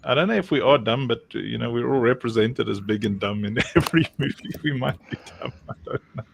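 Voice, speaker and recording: A man's voice: medium pitch, quick pace, gravelly, noisy background. Joking South African man hosting a stream. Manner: joking, laughs often, rambling with many fillers. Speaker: livestream host. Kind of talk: casual chat.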